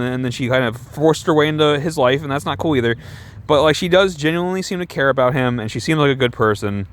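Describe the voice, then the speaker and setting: A man's voice: fairly high pitch, fairly bright tone. Rambling, sarcastic man reviewing a movie. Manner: rambling, full of "like", sarcastic, swears. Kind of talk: casual film review rant.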